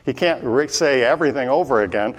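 A man giving an earnest sermon as a Bible teacher, repeating points and often pausing on "uh". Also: medium pitch, slightly rough. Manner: earnest, repetitive, many "uh" fillers.

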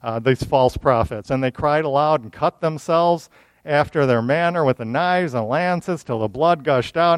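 A man's voice: a little high, moderate pace, clean tone, no echo. Man preaching on a scripture passage. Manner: reads scripture then explains it in plain everyday words; mocking, animated asides. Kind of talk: sermon with scripture reading.

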